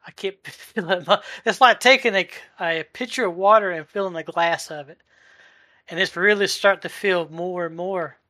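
40s guy telling his faith story, keeps restarting, bright tense voice, dry sound. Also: high-pitched, no room sound. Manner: halting, searching for words, many restarts. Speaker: delivery driver sharing a testimony. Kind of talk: emotional personal testimony in a live chat.

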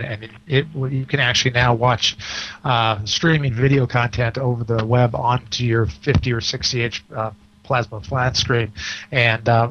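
A man's voice: medium pitch, a bit bright, slight background noise. A middle-aged man hosting a casual talk radio show, speaking hesitantly with many fillers and restarts. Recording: slightly dull, lo-fi radio audio.

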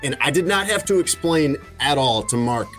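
A man hosting a sports talk show, teasing his guest and running through stats in a casual, lively way. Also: a little high, normal speed, faint music behind. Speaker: sports radio host.

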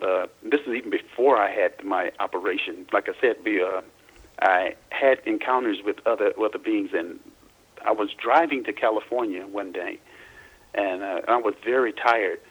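Husky, halting middle-aged man. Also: lowish voice, a bit bright, low-quality recording. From Louisiana, US. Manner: halting, repeats words while searching for them. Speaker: guest, author. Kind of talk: casual interview, recounting personal experiences.

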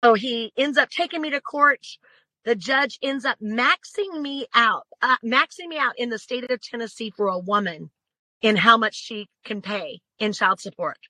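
A woman's voice: a little high, moderate pace, pushed and bright, no room sound, poor audio. A woman as an interview guest telling a personal story in an earnest, emphatic way.

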